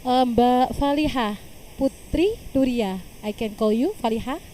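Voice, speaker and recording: A woman's voice: a little high, normal speed, warm tone, slight background noise, rough recording. A woman with an Indonesian accent, questioning a contestant in a friendly, teasing way as a competition judge. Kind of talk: casual questioning.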